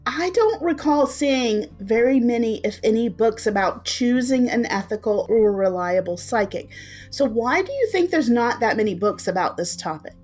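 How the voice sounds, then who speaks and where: A woman's voice: a little high, lively intonation, moderate pace, a little mellow, soft background music. A woman hosting an interview podcast, who asks questions in a supportive way and agrees often. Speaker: podcast host. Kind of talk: interview conversation.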